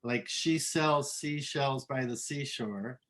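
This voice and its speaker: A middle-aged man from Southern California, a musician being interviewed, talking in a relaxed, rambling way with many ums and restarts. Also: medium pitch, slow. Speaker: musician guest. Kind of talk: casual interview.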